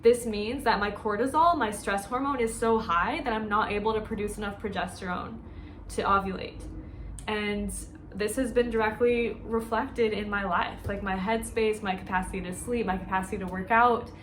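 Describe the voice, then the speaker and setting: A woman's voice: mid-range voice, steady tone, moderate pace, slight background noise. A woman who works as a dietitian, talking candidly and emotionally in a chatty personal vlog.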